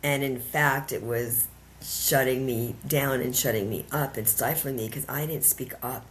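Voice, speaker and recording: A woman with an unusually deep voice shares a personal story as a podcast guest. She talks earnestly, circling back with emphatic repeated phrases, and a faint hiss sits under her voice. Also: fairly even intonation, measured pace. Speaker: podcast guest, empowerment coach.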